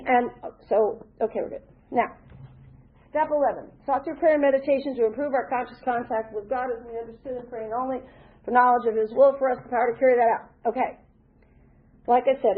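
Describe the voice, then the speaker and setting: A woman's voice: a little high, slightly rough. An older woman from the American South giving an earnest, rambling talk at a recovery meeting, often restarting her sentences. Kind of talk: personal share at a recovery meeting. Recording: tinny phone-like recording.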